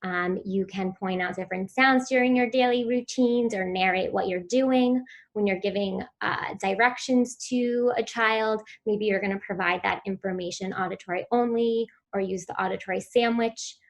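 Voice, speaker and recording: Woman calmly explaining speech strategies. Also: medium pitch, normal speed. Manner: clear instructive delivery, models sounds for children. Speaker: speech therapy presenter. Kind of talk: virtual conference talk.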